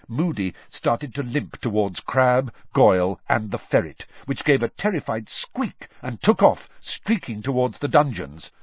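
A male audiobook narrator telling a story in an expressive, animated way. His voice is husky and moves a lot in pitch, and the recording is dull and dry. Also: measured pace, hardly any pauses, dry recording.

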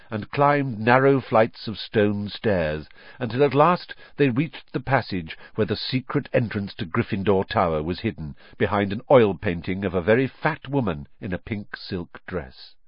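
A man's voice: lowish voice, dry recording, dull audio. A man narrating a storybook aloud, acting out each character's voice. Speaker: audiobook narrator. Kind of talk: storybook reading.

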